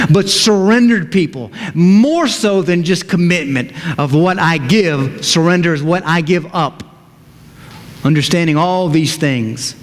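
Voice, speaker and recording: A man preaching a sermon as pastor, emphatic, slowing down to stress his points. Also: fairly high pitch. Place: church sanctuary. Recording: echoey hall with faint ambience.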